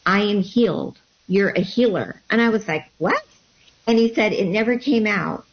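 A woman guest telling a personal story in an interview, animated and acting out what people said. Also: mid-range voice, normal speed. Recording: dull lo-fi sound.

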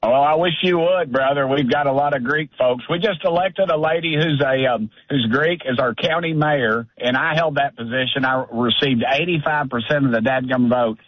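A man's voice: mid-range voice, moderate pace, hardly any pauses, dry recording. A congressman calling in by phone, talking in a blunt, indignant, folksy way. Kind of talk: fiery political call-in. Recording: dull lo-fi call-in line.

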